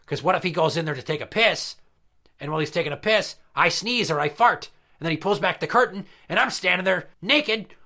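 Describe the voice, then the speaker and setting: A crude, boastful pirate entertainer, played by a man, talking in a gravelly, bright voice slightly above the usual male range. He swears freely and spins his stories with swagger. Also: high voice, expressive, fairly quick, exaggerated voice. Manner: crude, profane storytelling. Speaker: regular character. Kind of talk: comedy podcast skit.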